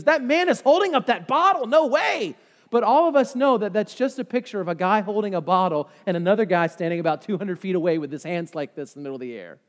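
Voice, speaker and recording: A man, a pastor, preaching a sermon to his church, moving between calm teaching and loud, urgent preaching. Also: sits high. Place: church sanctuary. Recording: long reverb of a large hall.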